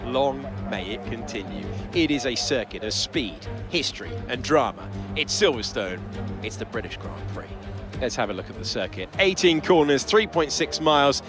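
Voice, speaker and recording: A man voicing an upbeat television race commentator in a video game, with scripted broadcast delivery, over game audio with a loud music bed. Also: mid-range voice, sing-song, normal speed, natural voice. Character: polished male TV race commentator.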